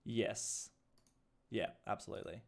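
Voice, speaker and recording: A man's voice: lowish voice, fairly even intonation, a little slow, gravelly. An Australian man chatting casually while streaming a city-building game, laughing often and restarting his sentences. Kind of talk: casual livestream chat.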